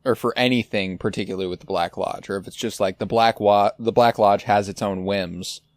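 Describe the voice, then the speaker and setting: A man's voice: on the low side, steady tone, fairly quick, no room sound, studio quality. A man co-hosting a podcast in casual chat, recapping scenes with loose, sweary enthusiasm. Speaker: podcast host.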